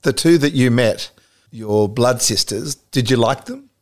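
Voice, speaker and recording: A man hosting a podcast interview who asks short questions and gives soft interjections. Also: mid-range voice, measured pace. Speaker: podcast host.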